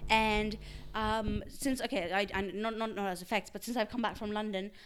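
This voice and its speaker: A woman's voice: medium pitch, steady tone, moderate pace, smooth. A young woman with an Australian accent, co-hosting a casual chat and rambling through restarted sentences. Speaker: podcast co-host.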